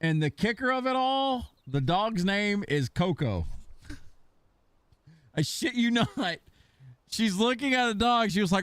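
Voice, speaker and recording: Animated, rambling male game streamer. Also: sits high, measured pace, long pauses, clear, resonant tone. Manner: animated rambling storyteller, swears casually. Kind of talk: casual chat while gaming.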